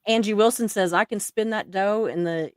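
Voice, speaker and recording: A woman's voice: mid-range voice, moderate pace, no room sound, clean studio sound. A woman with a Southern accent hosting a casual livestream, chatting and reading viewer comments aloud with frequent laughter. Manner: giggly, chatty, laughs often. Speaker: livestream host.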